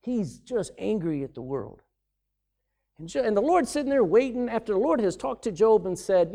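A middle-aged man preaching a sermon as pastor, swinging from loud emphasis to sudden hushed drops. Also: high-pitched, expressive, normal speed.

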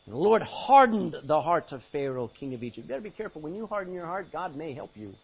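Preacher man with animated, husky voice. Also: fairly high pitch, fast. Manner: reads scripture then preaches with sudden loud outbursts. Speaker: pastor. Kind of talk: sermon. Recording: muffled lo-fi recording.

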